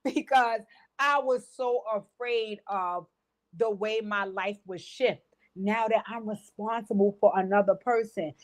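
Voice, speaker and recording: A woman's voice: mid-range voice, unhurried. A woman in her forties hosting a casual livestream chat, telling stories with lots of profanity and acted-out quotes. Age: 40s. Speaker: livestream gossip host.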